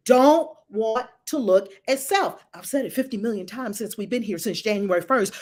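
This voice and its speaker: A middle-aged woman teaching a spiritual class in a blunt, animated, profane way. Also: mid-range voice, moderate pace, few pauses. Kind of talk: live online spiritual class talk.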